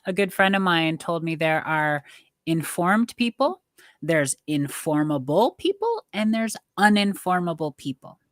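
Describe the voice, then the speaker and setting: Middle-aged woman, kinda low voice, dry close sound, talks open and earnest. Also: sing-song, a little slow, dry recording. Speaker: podcast guest. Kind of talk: casual interview chat.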